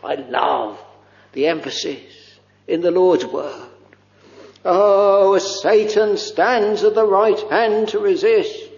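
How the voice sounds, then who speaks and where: Slow fervent preacher, gravelly voice. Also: male voice, sits high, a little mellow, long reverb tail, lo-fi sound. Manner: slow, fervent, drawn-out delivery with many "oh"s. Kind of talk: sermon.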